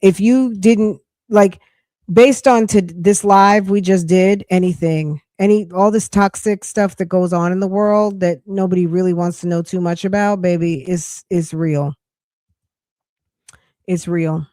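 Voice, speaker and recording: A woman hosts a chatty live podcast, her voice getting hoarse. Her tone is low and mellow, and she rambles and restarts as she talks. The sound is dry and close. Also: fairly even intonation, a little slow, dry recording. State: losing her voice. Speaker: podcast host. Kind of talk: casual live-stream chat.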